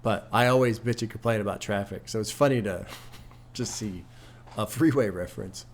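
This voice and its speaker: A man's voice: on the low side, moderate pace, slight background noise. A man hosting a casual album reaction, rambling through tangents with loose swearing and laughs at his own stories. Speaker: music reaction host.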